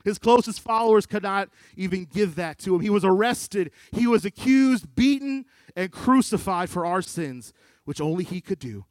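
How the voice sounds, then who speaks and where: A man preaching a sermon, quoting scripture and swinging from loud pleading to hushed, low delivery. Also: expressive, moderate pace, dry recording. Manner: quotes scripture in King James wording.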